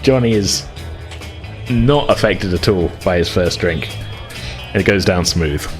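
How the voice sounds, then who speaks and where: Laid-back low-voiced game master. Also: male voice, measured pace, faint music behind. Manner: relaxed, chuckling, full of fillers. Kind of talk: narrating a tabletop game.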